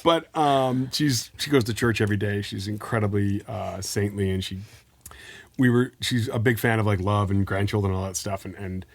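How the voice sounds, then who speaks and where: A man's voice: fairly low pitch, moderate pace, no room sound. A middle-aged man from the American Midwest telling a story as a podcast co-host, laughing and acting out the people he quotes. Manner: animated, laughing, acts out quoted voices. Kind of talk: casual storytelling.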